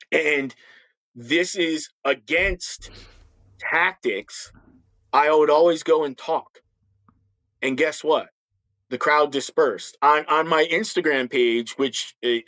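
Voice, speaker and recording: A middle-aged man and former police officer, a podcast guest, speaking bluntly and forcefully with frequent restarts. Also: mid-range voice, no echo, rough recording. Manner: acts out others' voices in stories. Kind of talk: podcast interview talk.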